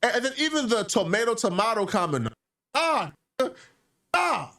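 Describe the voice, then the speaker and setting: A man with a high, swooping voice delivers animated commentary. He is opinionated and keeps slipping into mocking impressions of others as he argues. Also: quick pace, recorded from a distance. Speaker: commentary video creator. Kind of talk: hip-hop commentary video.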